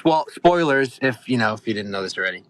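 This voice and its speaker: A young man on a podcast, excitedly recapping a reality show in a rambling, animated way. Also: medium pitch, fast talker, a loud crowd, low-quality recording. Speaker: podcast co-host.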